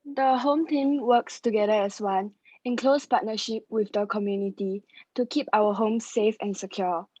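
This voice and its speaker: A woman's voice: mid-range voice, steady tone, normal speed, darkish tone, no echo. A young woman, a student, reading a passage aloud carefully in an online class. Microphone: video call. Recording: dry lo-fi video call audio.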